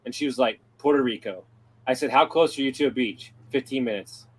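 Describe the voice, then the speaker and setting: A man's voice: mid-range voice, a little fast, husky, low-quality recording. Man telling a story with acted-out dialogue. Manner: animated storyteller, acts out dialogue, swears freely. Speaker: guest. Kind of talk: casual chat.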